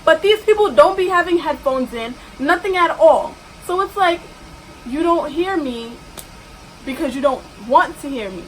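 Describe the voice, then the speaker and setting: A young woman rants straight to camera about her job, exasperated and emphatic. Her voice sits high. A faint hiss runs under the recording. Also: expressive, moderate pace, poor audio. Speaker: vlogger. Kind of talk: ranting storytime vlog.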